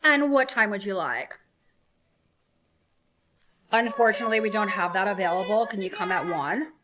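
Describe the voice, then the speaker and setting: A woman's voice: mid-range voice, moderate pace, sharp tone, close to an everyday voice. A woman playing a chatty hairdresser who fusses over a client and calls everyone honey, in a comedy sketch. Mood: businesslike.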